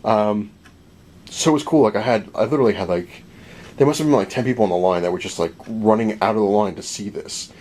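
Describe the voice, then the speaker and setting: A low-pitched man telling a convention story in a loose, rambling vlog style. He keeps quoting what people said, slipping into quick impressions of them, and laughs now and then. A faint hum of room noise sits behind him. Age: adult, married. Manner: rambling, animated retelling with many "he's like" quotes and laughs. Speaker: comic collector vlogger. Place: home room full of comic collectibles.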